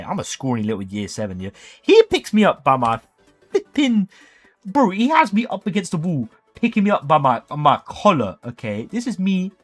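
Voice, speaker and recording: Guy hosting a stream, telling a story, pitch bouncing all over. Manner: animated, jokey, acts out voices. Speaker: livestream host. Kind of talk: casual storytelling on a livestream.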